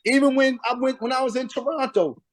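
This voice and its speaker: A man's voice: very high-pitched, steady tone, fairly quick, dry recording. A middle-aged man, a former pro basketball player, telling stories in a casual interview with emphasis and acting out past conversations.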